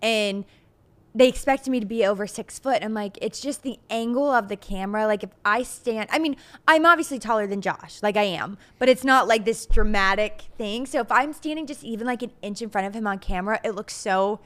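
A young woman co-hosting a casual podcast, chatting lively with her husband and laughing often as she tells family stories. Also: medium pitch, fairly quick. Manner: giggly, animated, laughs often. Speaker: podcast co-host. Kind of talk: casual chat.

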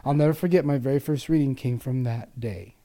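Guest: man, psychic medium, warm mellow tone, earnest storyteller who acts out the voices in his stories. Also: mid-range voice, brisk. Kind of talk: personal storytelling in an interview.

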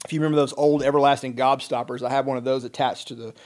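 A middle-aged military veteran tells a personal story in a casual podcast chat, wry and plain-spoken, acting out the dialogue. His mid-range voice is steady and darkish in tone, and he talks very fast.

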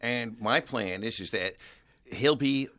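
A man as a guest on a casual podcast, telling a story in a relaxed, anecdotal way. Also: mid-range voice, slow pace, no echo, clean studio sound. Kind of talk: casual chat.

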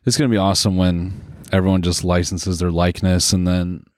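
A man's voice: sits low, flat delivery, brisk, a little mellow, no room sound, studio quality. A man co-hosting a podcast in casual chat, joking and riffing on bits while laughing a lot. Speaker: podcast co-host.

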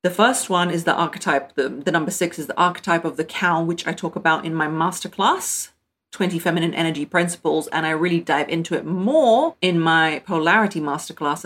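A woman's voice: deep voice, fairly bright tone. A pregnant woman hosting relationship advice in a breezy, direct way, acting out playful little quotes as she talks. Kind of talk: casual advice talk.

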